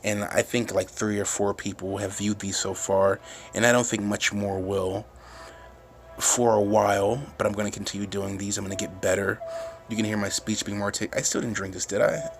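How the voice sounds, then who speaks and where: A man's voice: lowish voice, fairly even intonation, moderate pace, creaky. Man ranting into a phone camera, rambling and profane, faint music behind. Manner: rambling, restarts often, swears, gets fired up. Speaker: vlogger. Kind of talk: casual ranting monologue.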